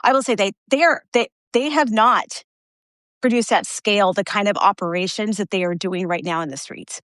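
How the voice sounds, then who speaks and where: A woman's voice: mid-range voice, normal speed, a bit bright, no room sound, studio quality. A woman guest in an interview, speaking earnestly with frequent stumbling restarts.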